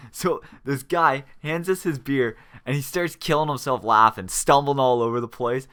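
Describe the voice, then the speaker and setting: A man's voice: medium pitch, moderate pace, hardly any pauses, smooth. A young man hosting a gaming channel, telling a story casually with plenty of swearing and laughter. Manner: animated, swears freely, laughs while telling.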